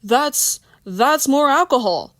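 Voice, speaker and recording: A woman's voice: sits high, animated, slow, a bit bright, no echo, studio quality, pitched above the performer's own voice, full character voice. A woman reading an exasperated, worried grown man who pleads and sputters.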